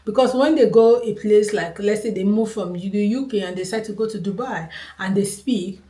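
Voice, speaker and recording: A Nigerian woman talking straight to camera in a casual, earnest way. She keeps hammering her points home by repeating them. Her voice sits at an ordinary middle pitch and rings a little in a roomy, echoey space. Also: moderate pace, dark tone. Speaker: vlogger. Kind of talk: casual opinion talk to camera. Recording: roomy echo.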